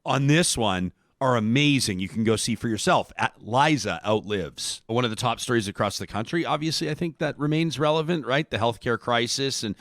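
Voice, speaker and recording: A man's voice: mid-range voice, brisk, few pauses, a bit bright, no room sound, studio quality. A Canadian man co-hosting a podcast, chatting casually about the news with a rambling, conversational manner. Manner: conversational, rambling with restarts and fillers. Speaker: podcast co-host.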